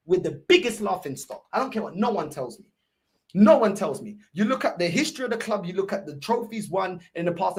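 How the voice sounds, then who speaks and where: A woman ranting about her football club in an exasperated, repetitive way. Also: mid-range voice. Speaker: football fan streamer. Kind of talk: ranting fan commentary.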